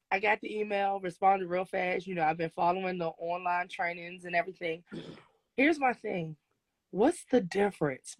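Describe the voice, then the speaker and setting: A woman from Washington, D.C., a guest on a live coaching call, excitable and slangy and quick to laugh. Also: fairly low pitch, no room sound, low-quality recording. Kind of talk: casual chat on a live call.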